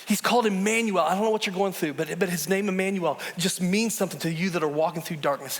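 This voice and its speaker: A middle-aged man preaching a sermon as pastor in a church, telling stories with lively swings between loud bursts and hushed, slow drops, often repeating words as he builds. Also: high voice. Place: church sanctuary. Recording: long reverb of a large hall.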